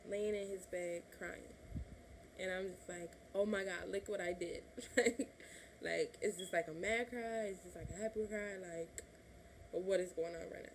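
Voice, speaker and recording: A woman's voice: mid-range voice, slight background noise. A woman of twenty-one from Illinois, telling a personal story to her camera in a chatty vlog, laughing often and acting out what her family said. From Illinois, USA. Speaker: vlogger.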